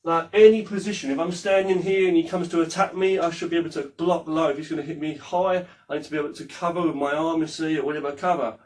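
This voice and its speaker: Rambling martial arts teacher, slightly high. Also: male voice, fairly even intonation, quick pace, few pauses, a little mellow. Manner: rambling, demonstrative, swears casually. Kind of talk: casual spoken lesson. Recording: voice from a distance from the mic.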